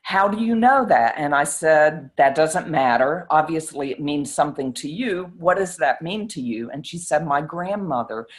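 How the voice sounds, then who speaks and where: A woman's voice: low voice, moderate pace, few pauses. A middle-aged woman, a psychiatrist, telling a story in an interview and acting out the quoted exchanges with animation.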